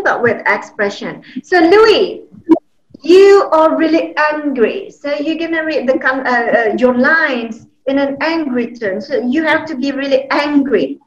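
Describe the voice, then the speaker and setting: A woman from Indonesia with an Indonesian accent, running an interactive online teaching workshop and checking in with "okay?" and "yeah?". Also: sits high. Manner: encouraging, tags sentences with "okay?" and "yeah?". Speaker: teacher trainer. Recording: roomy, slightly muffled online call audio.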